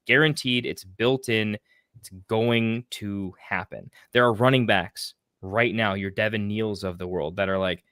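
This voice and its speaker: A man in casual podcast chat about fantasy football, rambling and excitable, with frequent restarts and casual swearing. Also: fairly low pitch, no echo, studio quality.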